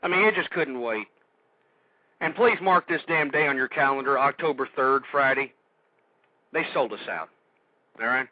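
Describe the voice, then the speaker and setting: A man hosting a radio show, ranting angrily and shouting insults at his listeners. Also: medium pitch, moderate pace, long pauses, dry recording, narrow, tinny audio. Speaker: radio host. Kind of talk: angry political rant.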